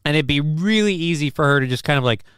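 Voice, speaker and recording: A man's voice: a little high, lively intonation, quick pace, a bit bright, clear, resonant tone, dry recording, studio quality. A man from the American Midwest hosting a casual livestream, joking and rambling as he comments on the news. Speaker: host.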